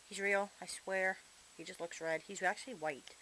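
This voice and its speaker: A woman's voice: medium pitch, brisk, sharp tone. A woman filming her pet bird at home, coaxing and teasing it in a playful, casual way. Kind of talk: casual talk to a pet on camera. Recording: noisy home camcorder audio.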